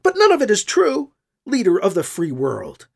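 A narrator voicing an unhinged, bitter woman who accuses a man in a quavering, shrill voice. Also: huge pitch swings, normal speed, creaky, darkish tone, slightly rough, full character voice. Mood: accusing.

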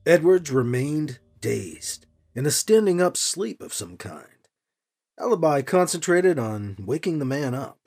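A man hosting a fiction podcast and narrating an audiobook chapter in an animated, expressive way. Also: on the high side, measured pace.

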